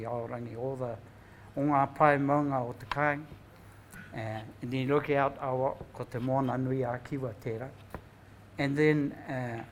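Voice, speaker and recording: A man's voice: medium pitch, a little hiss or hum, poor audio. An older man with a New Zealand accent, telling family stories in a rambling, reflective way at a gathering and often tagging his thoughts with "eh?". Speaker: speaker at a Māori knowledge gathering. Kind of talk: anecdotal storytelling talk.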